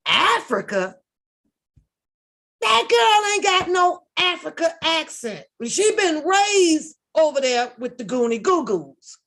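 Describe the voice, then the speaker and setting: A woman's voice: very high voice, big pitch swings, slow pace, fairly bright tone. A woman giving casual reaction commentary, talking bluntly with plenty of profanity, rambling, and throwing in sarcastic asides. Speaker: reaction video host.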